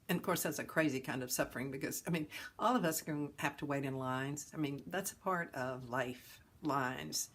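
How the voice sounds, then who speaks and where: A woman hosting a talk on suffering, telling a parable in a gentle, folksy way. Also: sits low, normal speed, hardly any pauses, breathy edge. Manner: gentle, folksy storyteller with chuckles. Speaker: host and teacher of a philosophy of ease.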